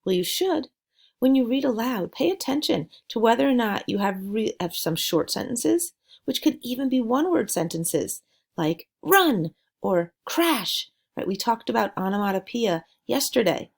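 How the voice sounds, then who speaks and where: A woman teaching a writing lesson, speaking slowly and deliberately in an encouraging way. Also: a little high, expressive, gravelly, darkish tone. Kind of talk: recorded classroom lesson.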